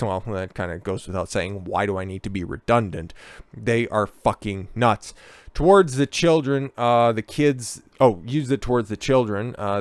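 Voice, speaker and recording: A man's voice: medium pitch, no echo. A man hosting a ranting commentary on a news story, profane, sarcastic and scornful as he talks. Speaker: commentary host.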